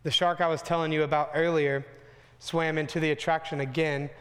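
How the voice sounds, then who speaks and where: A young man preaching a sermon in a relaxed, conversational way, with casual asides to the congregation. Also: on the high side, fairly quick, in a large hall.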